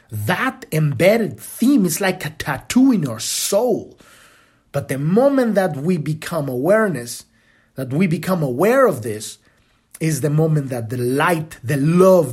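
Male podcast host, spiritual monologue, husky voice, lively swooping pitch, casual and blunt with profanity.

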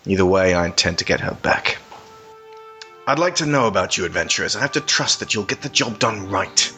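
A man's voice: low voice, expressive, a little fast, sharp tone, faint music behind, voice pushed down. A man voicing a formal, lordly quest-giver who addresses adventurers in stately speech.

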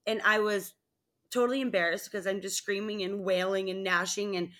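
On the podcast she co-hosts, this woman recounts humorous stories in a lively, relaxed conversation, laughing frequently. Her voice sits at medium pitch and moves at a normal speed.

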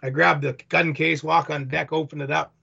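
A man's voice: on the high side, moderate pace, vocal fry, slightly rough. A man telling a rambling first-person story about his boat tour, acting out what people said. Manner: rambling, animated retelling with acted-out quotes. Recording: dull lo-fi recording.

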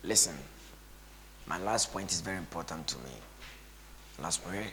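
A man's voice: low voice, moderate pace, pushed and bright, a little hiss or hum. A male pastor, preaching with a tired voice and breaking into tongues and chanted repeated phrases. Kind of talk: preaching to a gathering.

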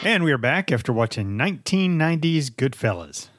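A man's voice: on the high side, sing-song, fairly quick, over music. A man co-hosting a casual movie review podcast, talking in a chatty, playful way and swearing casually. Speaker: podcast co-host presenting the movie.

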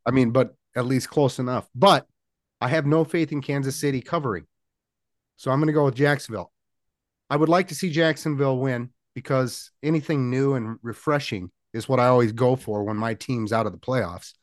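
A man's voice: mid-range voice, a little fast, dry recording. Brief: male co-host, rambling sports banter, laughs easily, dry close mic. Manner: chatty, laughs often, rambling. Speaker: podcast co-host making picks. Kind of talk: casual sports chat.

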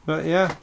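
A man co-hosting a podcast in casual chat, calmly recounting events from notes. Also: a little hiss or hum. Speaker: podcast co-host.

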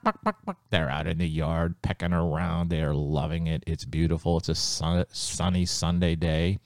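A man telling a children's story with lively sound effects, often quizzing his listeners. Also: very deep voice, no room sound, studio quality.

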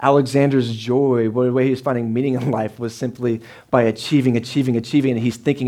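In a church sanctuary, a pastor in his thirties preaches casually to his congregation, frequently digressing and firing quick questions at the listeners. His middle-pitched male voice is warm with a steady tone.

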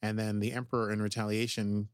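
A man co-hosting a casual podcast, recapping a TV episode in an animated way and acting out the characters' lines. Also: on the low side, quick pace, clean tone, dry recording, studio quality. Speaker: podcast co-host.

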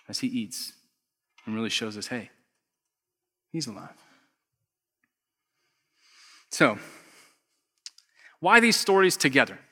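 A man preaching a conversational sermon, acting out characters and swinging from loud bursts to hushed asides. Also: medium pitch. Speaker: pastor. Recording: echoey long hall reverb.

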